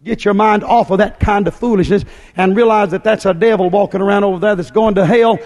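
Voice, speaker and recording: In what sounds like a big hall, a high-pitched man preaches a fiery, folksy sermon, his raised voice and shouts carried by a long reverb. He speaks briskly, keeping his intonation fairly even.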